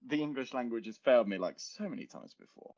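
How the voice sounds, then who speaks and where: A man's voice: mid-range voice, expressive, fast talker, darkish tone. A young man co-hosting a casual podcast, chatty and rambling, often laughing. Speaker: podcast co-host. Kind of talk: casual chat. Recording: dull lo-fi home podcast recording.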